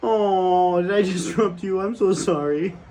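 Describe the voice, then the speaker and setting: A man on a patio talking to his cat in a soft, sing-song pet voice. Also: high voice, a little slow, a little hiss or hum. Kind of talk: casual talk to a pet. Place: outdoor patio.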